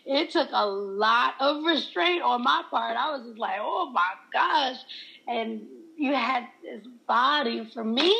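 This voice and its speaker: A woman's voice: a little high, creaky, low-quality recording. A woman in casual chat, laughing often and acting out quoted lines as she tells stories. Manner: laughs often, animated storytelling.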